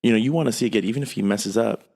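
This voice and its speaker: A man's voice: lowish voice, racing, gravelly, darkish tone. A man co-hosting a podcast who coaches, moving the show along in laid-back casual banter. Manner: laid-back banter, running the show's segments. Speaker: podcast co-host. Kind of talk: casual chat.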